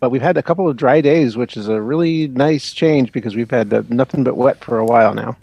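A man's voice: mid-range voice, a little fast, vocal fry, darkish tone, no echo. A man joining remotely in a casual chat, easygoing and hesitant. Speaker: remote guest. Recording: dull remote line.

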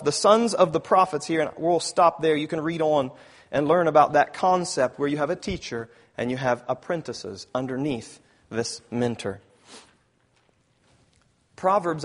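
A man with a slightly high voice preaches a sermon, reading scripture aloud and building to loud emphasis. He often clears his throat and corrects himself.

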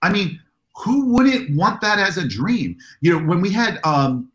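A man's voice: high voice, measured pace, roomy sound, low-quality recording. A man being interviewed as a convention organizer, telling enthusiastic anecdotes and acting out the dialogue. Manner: animated, enthusiastic storyteller who acts out dialogue.

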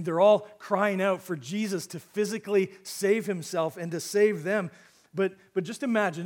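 Earnest preacher man, loud then hushed. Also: a little high. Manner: emphatic, swinging from loud exclamations to hushed lines; casual fillers and quick restarts. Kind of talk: sermon with scripture reading.

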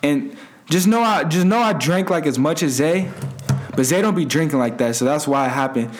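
A man's voice: on the high side, lively intonation, normal speed, faint music behind. A young man telling a rambling, profane party story in casual slang, laughing as he goes. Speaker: guest storyteller.

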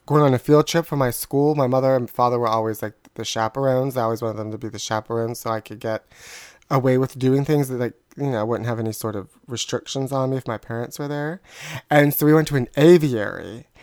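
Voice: medium pitch, fairly quick, darkish tone, no echo, studio quality. A podcast co-host telling a long funny family anecdote in casual chat, chatty and laughing at their own story.

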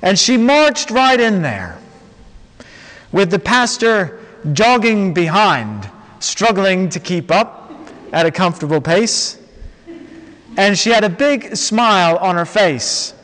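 Male preacher, slightly raised pitch, unhurried dramatic storytelling, reverberant sanctuary. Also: sing-song, fairly bright tone. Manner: slow, dramatic storytelling with long pauses. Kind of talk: storytelling sermon. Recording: long reverb of a large hall.

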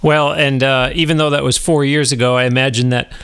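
A man hosting a podcast interview, relaxed and asking questions between short reactions. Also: medium pitch, fairly quick, clear, resonant tone, no room sound. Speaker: podcast host. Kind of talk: casual interview.

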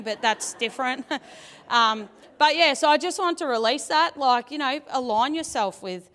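A woman sharing a testimony at church, chatty and animated, laughing often, speaking into a handheld microphone in a large auditorium. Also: fairly high pitch. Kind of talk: testimony from the stage. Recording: long church hall reverb.

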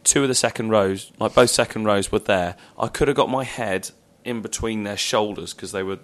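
A man reading out quiz questions on a sports podcast and telling animated anecdotes. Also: fairly low pitch, moderate pace. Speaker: podcast quizmaster. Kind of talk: casual chat.

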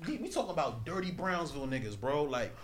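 Host, New man, bright high-ish voice, loose slangy storyteller, faint noise behind. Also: sing-song, fast. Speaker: podcast host. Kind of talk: casual chat.

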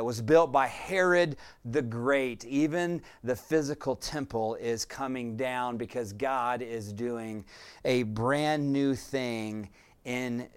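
A man preaching a sermon as pastor, earnest, with frequent fillers and pauses. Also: medium pitch, clear, resonant tone.

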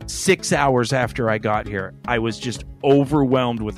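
A man's voice: mid-range voice, measured pace, faint music behind. A man hosting a podcast, telling a rambling, profane story in a casual chat. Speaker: podcast host.

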